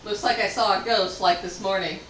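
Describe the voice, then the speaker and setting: A woman chiming in with brief, quiet remarks from the background of a casual live chat. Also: mid-range voice, steady tone, brisk, reverberant, slight background noise, rough recording. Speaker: co-host chiming in.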